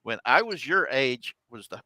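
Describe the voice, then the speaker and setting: A man's voice: mid-range voice, normal speed, no room sound, low-quality recording. A middle-aged man, the host, telling a story in a casual chat and acting out what others said. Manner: animated, quotes others' voices.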